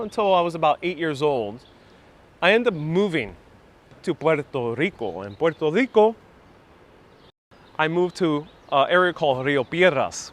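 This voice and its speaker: A man from New York City in his thirties, livestreaming a walking tour outdoors on a wireless lapel mic and telling childhood stories in a casual, animated way. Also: high-pitched. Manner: animated storyteller, reads viewer comments aloud. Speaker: vlogger giving a live walking tour. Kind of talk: casual live-stream storytelling.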